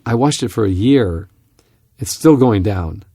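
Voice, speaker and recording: Gravelly, low-voiced male Bible teacher. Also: a little slow, no echo, studio quality. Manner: earnest, animated storyteller with frequent restarts. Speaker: Bible teacher and podcast host. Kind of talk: conversational teaching with storytelling.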